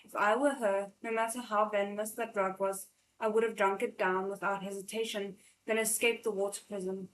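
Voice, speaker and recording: A woman's voice: mid-range voice, level tone, a little fast, natural voice, rough recording. A woman reading a novel aloud, voicing a stern and protective male immortal master who speaks severely and stresses every word. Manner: severe, firm and emphatic. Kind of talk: live read-aloud of a novel.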